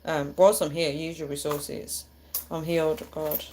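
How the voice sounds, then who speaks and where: A woman's voice: low-pitched, flat delivery, unhurried, warm tone, slight background noise. A woman hosting a live stream, chatting with viewers in a chatty and encouraging way. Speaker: livestream host.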